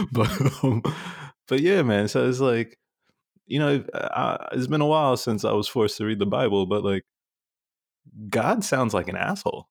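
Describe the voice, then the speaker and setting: A man's voice: mid-range voice, expressive, a little slow, gravelly, no room sound, clean studio sound. A man co-hosting a podcast in casual chat, cursing freely and getting riled up with laughing asides. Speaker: podcast co-host.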